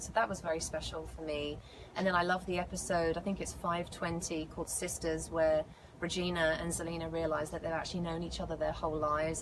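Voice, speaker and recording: A woman with an English accent, an actress answering fan questions in a live interview, animated, playful and self-mocking. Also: deep voice. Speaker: actress guest. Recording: noisy background.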